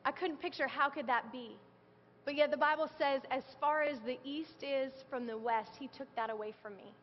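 High-voiced woman preaching in a reverberant hall. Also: normal speed, a little hiss or hum. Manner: earnest, conversational preaching with scripture quotes. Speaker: speaker sharing testimony. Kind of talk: sermon. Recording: dull sound with long hall reverb.

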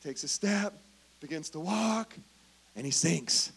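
A man preaching a sermon, telling Bible stories with animated emphasis and dropping to a hush, speaking directly to the congregation. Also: on the high side, slow, breathy edge. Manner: animated storytelling, swings from loud emphasis to hushed. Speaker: pastor.

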